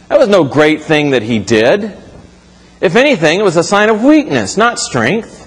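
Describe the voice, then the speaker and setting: In a church sanctuary, a pastor preaches to his congregation in a slightly rough, somewhat high voice, his pitch swinging widely at a moderate pace. He talks it through conversationally, correcting himself along the way, and the hall around him is reverberant.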